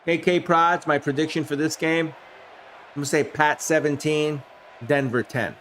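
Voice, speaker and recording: Man, live-stream sports commentary, somewhat high voice, faint background noise, excitable, talks to chat. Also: moderate pace. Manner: excitable, bursts up on big plays, chats loosely with viewers. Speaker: streamer commentating a simulated game.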